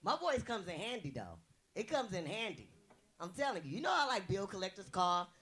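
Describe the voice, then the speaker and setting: A young woman from the US West Coast works a comedy club stage with a big, bright voice. Her pitch leaps around as she fires off brash, bawdy punchlines. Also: very animated, a little fast, husky. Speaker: stand-up comedian. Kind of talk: stand-up comedy routine.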